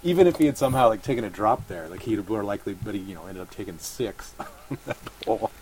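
A man's voice: on the low side, expressive, fast, a little mellow, slight background noise, low-quality recording. A man appearing as a podcast guest who talks casually and rambles, thinking aloud with many fillers and restarts. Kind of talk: casual chat.

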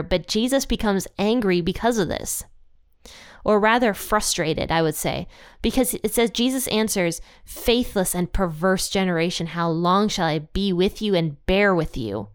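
A woman's voice: mid-range voice, clear, resonant tone, no echo, studio quality. A young adult woman hosting a casual Bible teaching podcast, chatty and thinking aloud with fillers and guesses.

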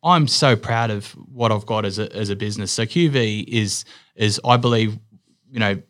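A man's voice: on the low side, moderate pace, a bit bright. A middle-aged Australian man, a business owner being interviewed, telling stories casually with lots of fillers and restarts.

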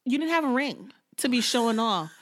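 A woman co-hosting a casual chat, recapping a show in slangy, expressive talk and acting out quotes. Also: a little high, fairly quick.

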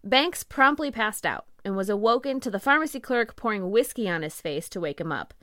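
A woman co-host reading a scripted history segment in a measured storytelling manner. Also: medium pitch, expressive, pushed and bright, no room sound, clean studio sound. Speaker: podcast co-host.

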